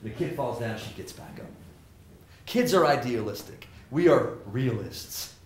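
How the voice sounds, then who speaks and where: A middle-aged man giving an energetic, joking lecture to students, acting out the people in his stories. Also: medium pitch, measured pace. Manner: animated, joking, acts out quoted people. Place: lecture hall with audience. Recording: roomy hall sound, faint noise.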